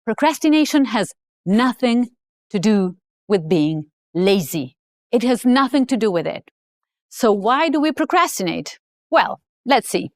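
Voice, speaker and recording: A woman gives a motivational talk, telling her story with emphasis. Her voice sits fairly high and leaps lively up and down. The sound is dry and close, with faint music underneath. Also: measured pace, dry recording. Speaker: author and speaker.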